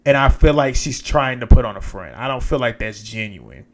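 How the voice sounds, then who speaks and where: A man with a middle-of-the-road pitch talks through a reality show episode in loose, chatty commentary. He is frank and blunt, and he swears freely as he gives his opinions. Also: lively intonation, normal speed. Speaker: reality TV recap host. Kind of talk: casual recap commentary.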